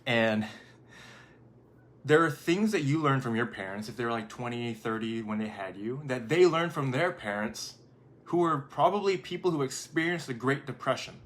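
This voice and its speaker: A man in his thirties giving a casual motivational talk to camera. He tells stories in a loose, conversational way and often stops to correct himself. His voice sits at an ordinary middle pitch. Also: a bit bright. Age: 30s. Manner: conversational storytelling, frequent self-corrections. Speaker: video host.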